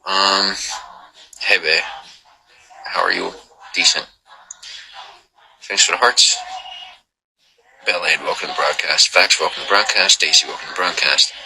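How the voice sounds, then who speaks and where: A man's voice: low-pitched, fairly even intonation, a little slow, creaky, pauses often, a crowd in the background, rough recording. A man hosting a livestream, chatting casually with viewers and rambling with joking asides. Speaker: livestream host.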